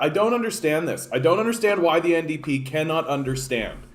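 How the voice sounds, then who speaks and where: A man's voice: a little high, lively intonation, fairly quick, hardly any pauses. A Canadian man giving exasperated, profane political commentary and repeating his phrases as he rants.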